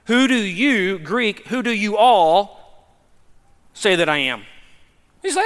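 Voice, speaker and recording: A man with a high voice preaches an emphatic sermon, swinging between hushed asides and loud declarations. He talks casually, calling listeners "man". His voice rings out with a long reverb, as in a big hall. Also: sing-song, slow, long pauses. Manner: informal, says "man". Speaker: pastor.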